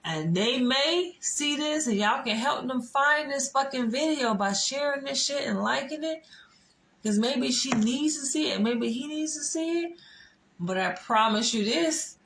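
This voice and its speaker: A woman's voice: high-pitched, expressive, unhurried, a bit bright, low-quality recording. A woman telling a story in a vlog, swearing often, laughing and stressing her words. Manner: profane, laughing, emphatic. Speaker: vlogger. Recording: faint background noise.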